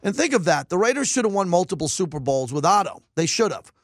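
A man's voice: high voice, very animated, fast talker, no room sound. A man hosting a sports talk radio show in a studio, speaking in a conversational, reflective way. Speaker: radio host. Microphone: studio mic.

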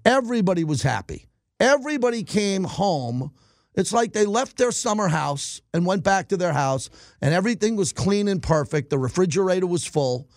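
Middle-aged male sports host, high voice, dry close sound, emphatic ranting delivery. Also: big pitch swings, moderate pace, no room sound. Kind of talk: opinionated sports talk monologue.

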